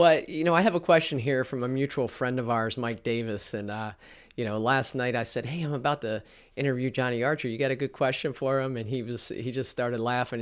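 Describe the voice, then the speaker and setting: A man hosting a casual podcast interview, asking questions in an easygoing, friendly way. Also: mid-range voice. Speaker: podcast host.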